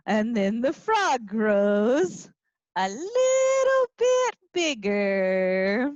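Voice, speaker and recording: Lady teacher doing storytime for kids, slow and super sing-songy, dry kinda muffled audio. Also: sits high, dry recording. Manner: expressive, gasping, playful with young listeners. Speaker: teacher reading to children. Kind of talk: children's storytime reading and singing. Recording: dry, slightly dull lo-fi sound.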